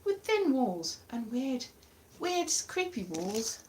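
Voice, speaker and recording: Chatty woman, lively and bright. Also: sits high, takes it slowly, heavy background noise. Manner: chatty, self-mocking, drifts off topic. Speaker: comedian vlogger. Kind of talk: rambling comic monologue. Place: very small room at home.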